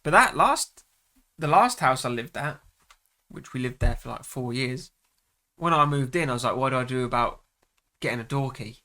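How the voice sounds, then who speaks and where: A young man from England with a bright, sharp-edged voice. He chats easily in a relaxed conversation, adding asides and laughing often. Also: mid-range voice, moderate pace, pauses often. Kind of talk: casual chat.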